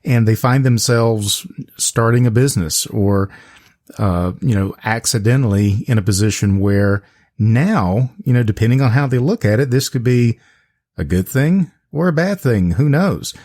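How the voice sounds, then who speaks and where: A man hosting an interview, speaking in a measured, encouraging way. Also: medium pitch, animated, a little mellow. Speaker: podcast host.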